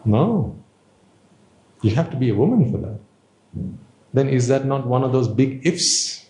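Mellow-voiced man giving an informal teaching. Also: medium pitch, expressive, measured pace, echoey room. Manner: conversational, rhetorical questions, playful asides. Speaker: Buddhist teacher. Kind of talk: informal dharma talk.

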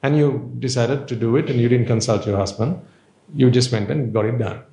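Mellow-voiced man giving an informal teaching. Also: mid-range voice, fairly quick, reverberant. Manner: conversational, rhetorical questions, playful asides. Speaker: Buddhist teacher. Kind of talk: informal dharma talk.

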